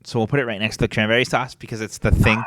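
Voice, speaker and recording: A young man chats casually on a podcast, animated and opinionated and quick to swear. His voice sits a little low. The close mic gives a dry sound with no room echo. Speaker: podcast co-host. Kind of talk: casual chat.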